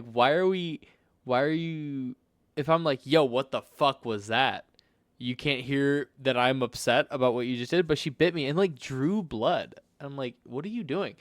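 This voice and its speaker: A man's voice: on the high side, dry recording. A man co-hosting a podcast in casual chat, blunt and swearing as he tells stories with quoted reactions into a studio microphone. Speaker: podcast co-host.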